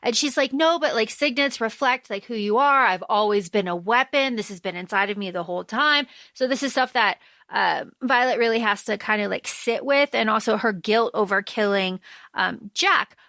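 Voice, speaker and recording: Woman, podcast co-host, casual chat, animated, fairly high voice. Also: no room sound. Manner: animated, quick, acts out quotes. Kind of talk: casual book discussion.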